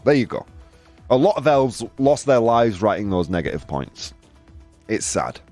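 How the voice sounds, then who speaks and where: A man hosts a casual show, reading through a list with playful asides. His mid-height voice swings widely in pitch and stays animated throughout, with faint music playing behind him. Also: moderate pace. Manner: playful, jokey, frequent laughs and asides. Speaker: show host. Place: home studio.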